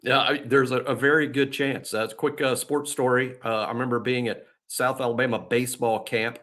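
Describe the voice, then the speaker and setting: A man's voice: mid-range voice, steady tone, brisk, fairly bright tone. A man co-hosting a sports podcast, telling stories and making picks in a rambling way, full of fillers and laughs. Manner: rambling, laughs often, many fillers and restarts. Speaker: podcast co-host. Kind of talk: casual sports chat.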